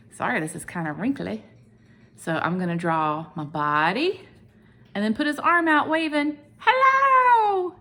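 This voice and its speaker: A woman teaching a video lesson for young children at home, animated and sing-song, with whispered asides. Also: lowish voice. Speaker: preschool teacher.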